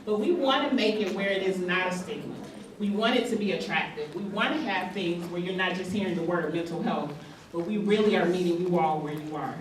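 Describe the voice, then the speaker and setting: A woman's voice: fairly low pitch, fairly quick, noisy background. Woman addressing a crowd, echoey. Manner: encouraging, emphatic. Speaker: community organization speaker. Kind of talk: public address at community event. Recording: very echoey hall, distant mic.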